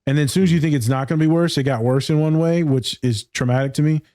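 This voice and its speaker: A man hosts a casual podcast in a warm, mellow voice recorded close and dry. He speaks with emphasis and street slang, dropping "my guy" and the odd curse word. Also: on the high side, fast talker, no echo. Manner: emphatic and slangy, says "my guy", swears freely. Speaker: podcast host.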